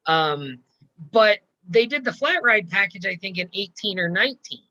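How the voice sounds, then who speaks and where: A man co-hosts a casual podcast in a bright, sharp voice. He is recorded close and dry, with no room sound. He talks quickly and laughs often, stumbling over restarts as he jumps in. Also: high voice, expressive, no room sound, rough recording. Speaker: podcast co-host. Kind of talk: casual chat about roller coasters.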